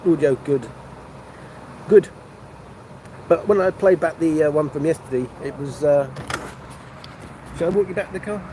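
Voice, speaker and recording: A man's voice: fairly high pitch, moderate pace, long pauses, dark tone, a little hiss or hum, poor audio. An older man, chatting casually and meandering on a phone livestream from a motorway service station café. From North London. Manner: chatty, meandering, restarts mid-sentence. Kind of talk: rambling casual livestream chat.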